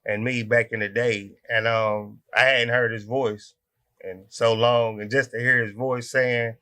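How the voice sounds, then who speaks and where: A man's voice: mid-range voice, flat delivery, a little slow, bright, forceful tone. A man co-hosting a podcast, laid-back and slangy in casual chat. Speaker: podcast co-host.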